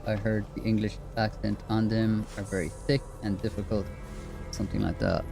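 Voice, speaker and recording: A man's voice: lowish voice, little pitch movement, normal speed, gravelly, over music. A man with an Irish accent giving casual, rambling let's-play commentary with hesitations. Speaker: gaming streamer.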